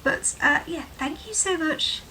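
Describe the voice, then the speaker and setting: Her high, bright voice is forceful and a little slow, sitting far from the mic in a rough recording with slight background noise. Chatting to camera from a sunlit room at home, this English vlogger rambles with many fillers in a mixed, shifting accent touched by Herefordshire, London and Welsh.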